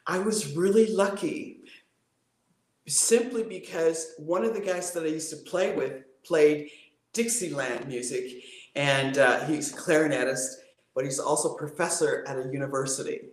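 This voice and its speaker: A woman's voice: normal speed, echoey room. A woman voice coach talking expressively as an interview guest, demonstrating with her voice. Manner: expressive, demonstrative, big pitch swings. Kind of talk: animated interview talk.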